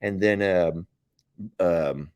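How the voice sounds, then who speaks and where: Deep-voiced Southern American man chatting. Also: drawn-out words, darkish tone, clear, resonant tone, no room sound. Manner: rambling, folksy, chuckles often. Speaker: host of a live stream. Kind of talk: casual live-stream chat.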